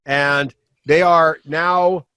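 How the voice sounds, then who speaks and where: A man's voice: on the high side, steady tone, drawn-out words, sharp tone, clean tone, dry recording. A man running a live tabletop game as game master. He explains the rules and positions patiently and calls on each player by name.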